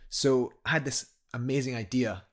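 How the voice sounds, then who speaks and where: A man's voice: medium pitch, steady tone, normal speed. A young man, a guest climber, telling a story eagerly in a casual interview, rambling with fillers and restarts.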